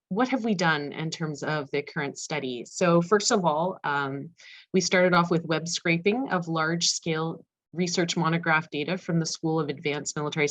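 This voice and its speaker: Woman panelist, low-pitched, presenting research at a brisk clip with filler words. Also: fairly bright tone. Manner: fast-paced, self-aware of speed, frequent fillers. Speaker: conference panelist. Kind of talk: academic presentation.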